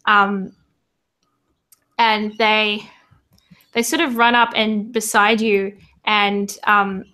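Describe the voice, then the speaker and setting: A woman's voice: medium pitch, level tone, extremely slow, pushed and bright. A woman narrating a tabletop game as game master, hesitant with many fillers.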